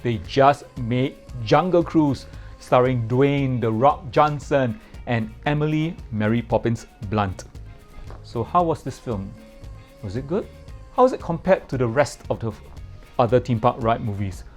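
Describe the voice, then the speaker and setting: A man's voice: mid-range voice, expressive, measured pace, darkish tone, soft background music. A man giving a casual spoken film review in a playful way, repeating words for comic effect.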